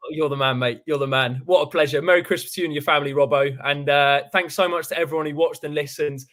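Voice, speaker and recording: A man hosts a football fan show with eager enthusiasm, leaning on quick agreement and praise for his guest. His voice sits slightly high. He talks casually over a video call. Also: steady tone, fairly bright tone. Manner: enthusiastic, repeats "love it" and "hundred percent". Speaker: podcast host. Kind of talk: casual fan-channel chat.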